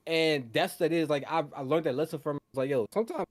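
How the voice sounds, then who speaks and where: A young man in casual chat, his voice sitting a little on the high side for a man. He talks in a loose, animated way, jumping into voices as he retells scenes. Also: fast talker. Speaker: podcast co-host.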